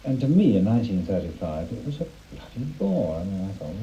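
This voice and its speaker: A man's voice: sits low, very animated, brisk, mellow, dull audio, a little hiss or hum. An older man, speaking bluntly and dismissively in a reflective interview.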